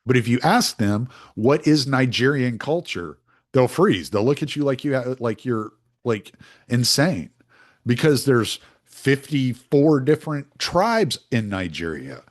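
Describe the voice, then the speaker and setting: A man's voice: mid-range voice, unhurried. A man talking through his views in a casual, rambling monologue, often restarting his sentences. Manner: animated, rambling, with frequent restarts.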